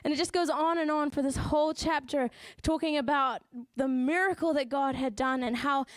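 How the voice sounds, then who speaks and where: A woman with a New Zealand accent preaching a sermon in church, telling the story with lively asides and acting out the voices of the people in it. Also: sits high, normal speed, no room sound.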